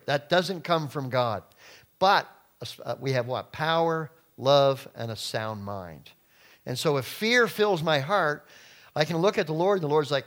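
Animated male pastor preaching. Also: fairly high pitch, moderate pace. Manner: animated, acts out voices, numbered points. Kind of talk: sermon.

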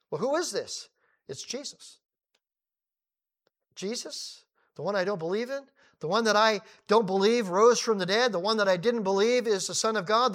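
A man preaching a sermon, animated, retelling a story and acting out the people in it. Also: high-pitched. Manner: animated, acting out quoted dialogue.

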